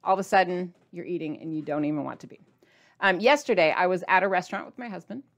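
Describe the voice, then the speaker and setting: Chatty playful woman vlogger. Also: fast. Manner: chatty and playful, jumps in pitch for emphasis. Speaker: diet vlogger addressing viewers. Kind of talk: casual to-camera vlog.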